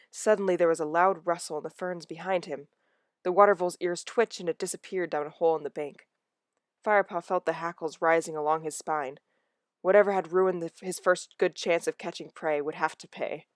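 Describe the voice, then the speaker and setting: A woman reads a novel aloud in a lowish, hushed voice, easing toward a whisper when the story tightens. The sound is dry and close, with no room around it. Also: fairly even intonation, fairly quick, no room sound. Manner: soft, hushed narration that drops to a whisper in tense moments. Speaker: audiobook reader.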